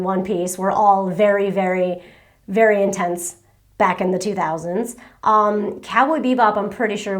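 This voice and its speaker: A woman in her thirties from the United States, chatting casually and giggling as she reads out and answers viewer questions. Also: mid-range voice. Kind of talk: casual Q and A chat.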